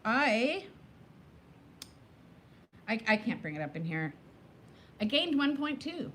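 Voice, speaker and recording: A woman in her fifties hosting a casual live chat, talking fast between topics and greeting viewers by name. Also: fairly high pitch, big pitch swings, a bit bright, slight background noise. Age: 50s. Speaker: livestream host.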